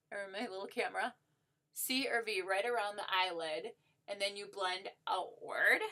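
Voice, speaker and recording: A woman's voice: mid-range voice, creaky, pushed and bright. A woman giving a casual makeup tutorial while demonstrating on herself, upbeat and gushing, with lots of "like" and "so" fillers.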